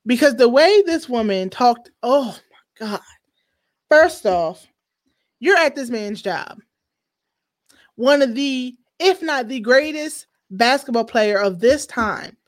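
A woman hosting a casual commentary chat, animated, slangy and opinionated. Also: on the high side, slow pace, pauses often. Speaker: show host.

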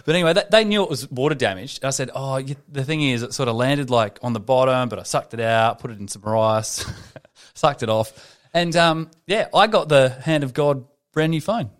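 A man's voice: mid-range voice, moderate pace. An Australian man in casual podcast chat, teasing and making crude jokes.

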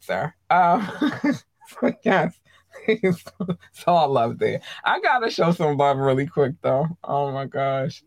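Excitable, gushing live-show host. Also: medium pitch, breathy edge, dry recording. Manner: excitable and gushing, stumbles over words; addresses viewers directly, chatty. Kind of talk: casual live-stream chat.

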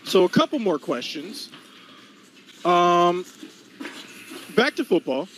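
A man's voice: high-pitched, big pitch swings, takes it slowly, fairly bright tone, a little hiss or hum, poor audio. A man hosting a live-stream interview, hyped and talking straight to the chat. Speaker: host.

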